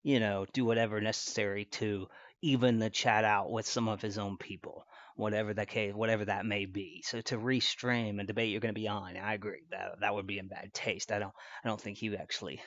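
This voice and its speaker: A man's voice: lowish voice, fairly even intonation, a little fast, fairly bright tone, no room sound, highs cut off. A man hosting a stream, giving casual commentary in a rambling way, full of fillers and restarts. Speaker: stream host.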